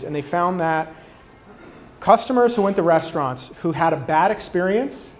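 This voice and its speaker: A man giving a casual conference talk on product design, speaking off the cuff with many fillers and restarts, and acting out quoted customers in lively voices. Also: fairly high pitch. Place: conference stage.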